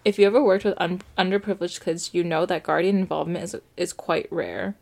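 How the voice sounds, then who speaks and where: A woman's voice: lowish voice, fast talker, vocal fry, darkish tone. A young woman casually reading a story aloud on a podcast, adding her own offhand remarks.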